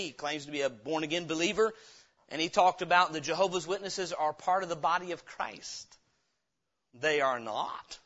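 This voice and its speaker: Bright, high-voiced preaching man. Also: muffled recording. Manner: emphatic preaching with rhetorical questions to the congregation. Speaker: pastor. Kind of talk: sermon, Bible teaching.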